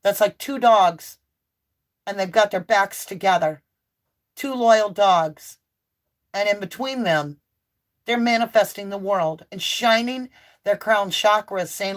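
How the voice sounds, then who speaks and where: This woman reads tarot in a fervent, sermon-like monologue full of emphatic statements. She speaks at medium pitch, slowly, pausing often.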